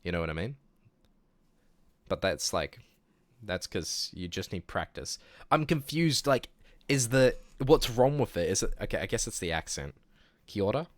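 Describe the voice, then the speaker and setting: A young man with a New Zealand accent, chatting casually on a livestream and reading chat aloud, relaxed, laughing easily and restarting his sentences. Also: on the low side, normal speed, pauses often, dry recording. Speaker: streamer.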